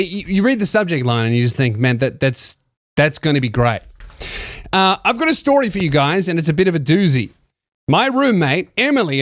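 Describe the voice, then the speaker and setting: Male podcast host, comedic story reading, crude, mocking, lively pitch, dry close sound. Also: dry recording.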